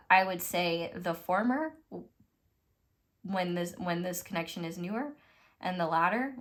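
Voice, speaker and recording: A woman's voice: lowish voice, a bit bright. A young woman from the United States giving a casual, rambling tarot reading, full of fillers and little laughs. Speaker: tarot reader.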